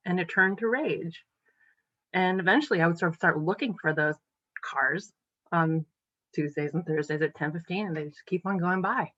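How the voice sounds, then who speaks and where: A woman in her forties with a Boston-area accent tells her story in an earnest, emotional way, with frequent ums. Her voice sits a little low. The sound is dry and slightly dull, like a remote call mic. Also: moderate pace, a bit bright, no echo. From New England. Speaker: podcast guest. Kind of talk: personal recovery story.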